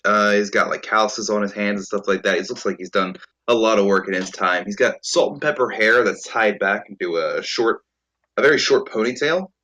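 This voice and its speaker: Low-voiced man running a tabletop game. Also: brisk. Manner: relaxed, lots of ums and uhs. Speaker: game master.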